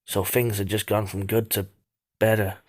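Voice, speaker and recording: A man's voice: lowish voice, flat delivery, moderate pace. A man narrating a tale in a dramatic spoken style, piling on repeated words for effect. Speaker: storyteller.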